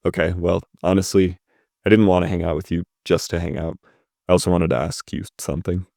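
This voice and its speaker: A man's voice: low voice, level tone, brisk, creaky, a little mellow, no echo, studio quality. A man reading the lines of a broke, defensive young man who asks a friend for money.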